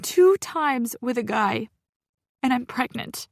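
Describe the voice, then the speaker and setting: A woman's voice: very animated, unhurried, no room sound, studio quality. A woman narrator voicing a tearful, distraught young woman who is crying in an audiobook. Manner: distraught, voice pitched up. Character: young woman, panicked, tearful, newly pregnant. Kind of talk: audiobook character voice.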